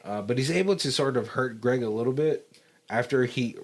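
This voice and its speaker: A man's voice: mid-range voice, fairly quick. A man co-hosting a casual movie commentary podcast, rambling through a plot recap, often searching for words and laughing between thoughts. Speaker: podcast co-host.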